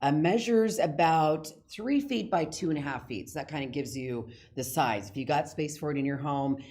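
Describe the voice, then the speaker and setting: Low-voiced woman co-hosting chattily. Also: moderate pace, darkish tone. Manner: chatty, gushing, with fillers. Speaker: event co-host. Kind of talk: casual presenting of auction items.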